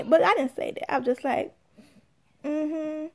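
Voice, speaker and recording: Sassy high-voiced woman telling a story. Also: measured pace, pauses often. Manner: animated, sassy, acts out quotes. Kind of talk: casual storytelling.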